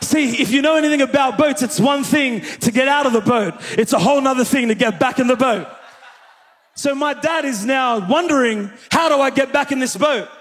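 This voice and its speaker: A male pastor preaches to his congregation, telling a story with lively energy and calling out questions to the room. His voice sits unusually high. The sound rings with the long reverb of a church hall. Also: moderate pace. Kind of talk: sermon with storytelling.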